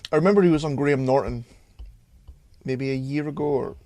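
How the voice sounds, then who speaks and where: A man's voice: medium pitch, a little fast, dark tone, a little hiss or hum. A young man co-hosting a podcast in casual banter, blunt and sardonic, swearing freely. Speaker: podcast co-host and filmmaker.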